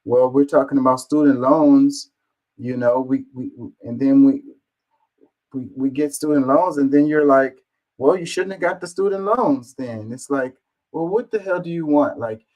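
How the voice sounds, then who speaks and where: A man's voice: a little high, a little mellow, low-quality recording. A man reading online comments aloud and answering them in an exasperated, casual rant, swearing and firing off rhetorical questions.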